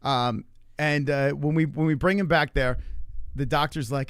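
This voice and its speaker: A man who is a father, telling a family story in a casual, animated way, full of swearing and acted-out quotes. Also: on the high side, normal speed, slight background noise. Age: adult parent. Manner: animated, profane, acts out quotes. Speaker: livestream host. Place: Arizona.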